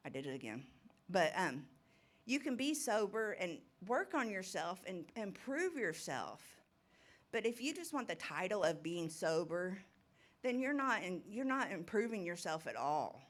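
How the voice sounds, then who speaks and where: A woman's voice: on the low side, very animated, measured pace. A middle-aged woman giving an informal, rambling testimony talk at a recovery ministry, nervous and laughing often.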